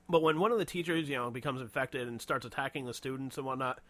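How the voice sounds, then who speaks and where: A man's voice: medium pitch, fairly quick, a bit bright, dry recording. A man co-hosting a casual podcast chat, rambling, swearing a lot and laughing often. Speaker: podcast co-host.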